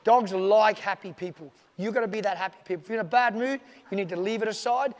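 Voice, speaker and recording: A man's voice: high voice, fast talker, long reverb tail. A man working as a dog trainer, giving casual, plain-spoken advice to camera and repeating his key points. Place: dog training facility with staff around.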